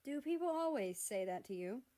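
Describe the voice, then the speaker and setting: A woman's voice: fairly high pitch, animated, moderate pace, mellow, voice pushed up, natural voice. A woman voicing a teasing, upbeat young man who works as an actor, in a storybook reading. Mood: playful.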